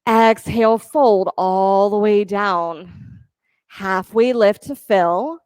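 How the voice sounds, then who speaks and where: A woman yoga teacher leading a class, giving calm, encouraging step-by-step cues for breath and poses. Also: medium pitch, slow pace, clean tone, no echo. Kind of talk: guided yoga class instruction.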